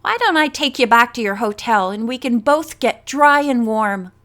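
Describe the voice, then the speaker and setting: Audiobook role: a smooth young male rescuer, read by a woman, calm and reassuring. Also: on the high side, normal speed. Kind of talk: audiobook character voice.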